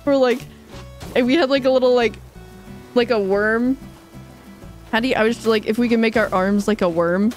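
Woman game streamer, bubbly and chatty, reads chat aloud, slightly higher voice. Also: normal speed, pauses often, darkish tone, soft background music. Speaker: livestreamer. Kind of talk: casual livestream chat while playing.

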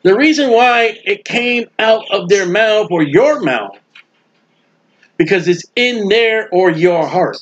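Guy preaching, high-pitched and kinda husky, folksy storytelling, muffled old recording. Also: slow. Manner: folksy, animated, acts out quoted voices. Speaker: street preacher. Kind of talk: sermon.

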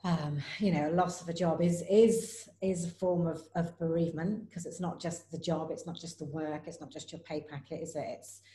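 A woman hosting an interview, talking in a thoughtful, halting way and ending points with tag questions. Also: deep voice, steady tone, mellow. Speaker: host, interviewer. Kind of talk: interview, casual chat. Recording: echoey room.

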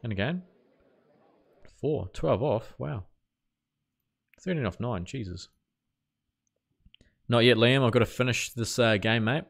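A Kiwi-accented man from New Zealand streams a game live, chatting casually as he reacts to the play and answers viewer messages. His medium-pitched voice has vocal fry, a measured pace, and long pauses.

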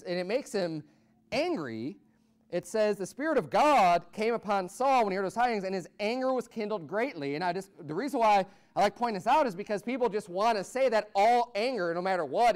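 An American man preaching a sermon as pastor, swinging from loud, rising peaks to low asides. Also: clean tone. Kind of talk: fiery Baptist sermon.

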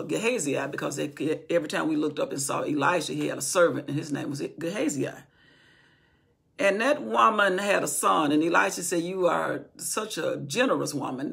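A woman's voice: low voice, vocal fry, fairly bright tone, breathy edge. A woman telling a Bible story from memory in an informal teaching style, acting out what the people in it say. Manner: retells from memory, acting out quoted speech.

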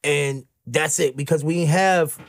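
A man telling stories on a podcast, animated, laughing often and acting out the people in his stories. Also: a little high, a little slow, gravelly, no room sound, studio quality. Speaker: podcast guest. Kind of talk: casual storytelling.

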